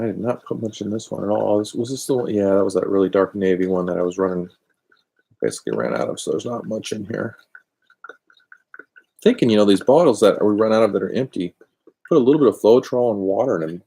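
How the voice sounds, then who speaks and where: A man's voice: on the low side, quick pace, gravelly, dark tone, slightly rough. A man chatting casually and rambling on a craft live stream from a cold garage, picked up by a laptop's built-in microphone. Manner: rambling, chatty, self-deprecating. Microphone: built-in computer microphone.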